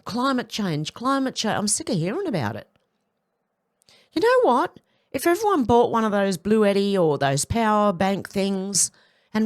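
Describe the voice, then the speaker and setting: Blunt irritable woman ranting. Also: medium pitch. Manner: blunt and irritable, swearing, sarcastic asides. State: sore back and headache. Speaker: commentary channel host. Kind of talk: casual opinion commentary over clips.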